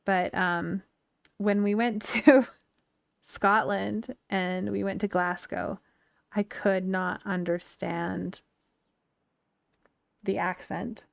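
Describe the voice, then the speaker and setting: A woman's voice: medium pitch, fairly even intonation, drawn-out words, creaky, long pauses, no echo, studio quality. A woman from the United States with a Western twang, chatting and rambling through stories while she streams a game. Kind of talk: casual chat while playing a game. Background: faint game music.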